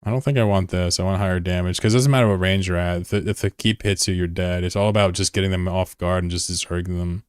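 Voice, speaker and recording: A man chatting casually on a live game stream, excitable and swearing freely as he answers chat between calls. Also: low voice, fast, few pauses, smooth, no room sound, clean studio sound.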